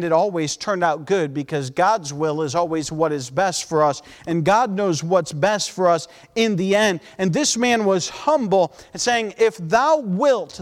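A man preaching a sermon as pastor, fervent and pleading, at times dropping his voice to a soft, intense hush. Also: high voice, big-room sound.

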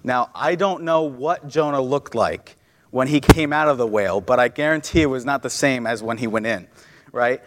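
A man's voice: medium pitch, normal speed, heavy background noise. A young man preaching a sermon in a church, earnest, often restarting and repeating words as he tells a personal story. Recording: long reverb of a church hall.

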